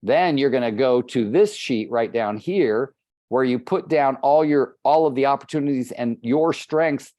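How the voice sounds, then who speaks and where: A man's voice: medium pitch, a little slow, mellow, dry recording. A man coaching real estate agents on a live call, talking plainly and addressing listeners by name.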